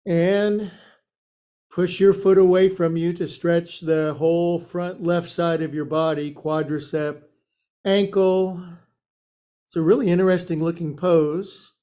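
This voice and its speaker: A man guides a yoga class, cracking jokes between his cues. He talks slowly, in a fairly high voice with a soft, mellow tone. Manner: joking, playful cues. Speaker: yoga teacher. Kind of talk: guiding a live yoga class.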